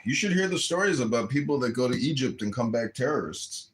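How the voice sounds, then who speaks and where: Man, podcast host, live-stream chat, mocking, theatrical, pitch jumping around. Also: expressive, fast, slight background noise. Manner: mocking, theatrical, bursts into shouting.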